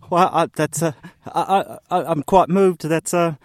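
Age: adult. Sex: a man playing a mopey divorced male roommate. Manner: stammering, gloomy, high-pitched. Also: a little slow, no echo, studio quality, lightly acted. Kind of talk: improv comedy character.

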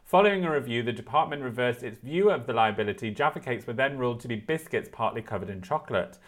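A man's voice: medium pitch, lively intonation, quick pace, fairly bright tone. A young man co-hosting a podcast, reading news stories aloud in a casual chat with playful, wry asides. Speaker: podcast co-host.

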